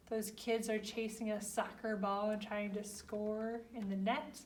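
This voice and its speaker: A woman leading a children's library storytime, gently explaining pictures to young kids. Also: mid-range voice, fairly even intonation, moderate pace, hardly any pauses. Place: library room. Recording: echoey room, mic far off.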